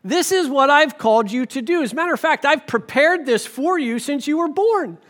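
A man putting on Jesus, chatty and gentle on the phone. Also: very high-pitched, expressive, normal speed, pitched above the performer's own voice. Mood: reassuring. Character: Jesus, a friendly caller, kind and reassuring.

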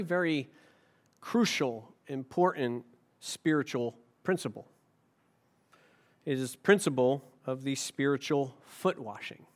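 A man's voice: on the high side, a bit bright. Man preaching a conversational sermon. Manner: conversational preaching with rhetorical asides. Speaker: pastor.

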